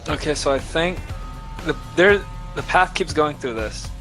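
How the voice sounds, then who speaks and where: A man's voice: on the high side, lively intonation, unhurried, a bit bright. A man playing a tabletop game, joking and laughing often, with faint music behind. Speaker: player. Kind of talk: casual tabletop play.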